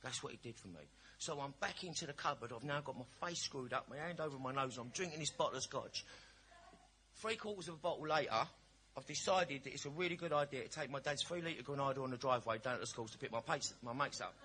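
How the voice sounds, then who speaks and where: A man speaks at a recovery meeting in a bright, forceful voice of average pitch. He tells his story bluntly and with cheeky humour, in a chatty storytelling way. A faint hiss sits behind the recording. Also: fast. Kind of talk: personal recovery share.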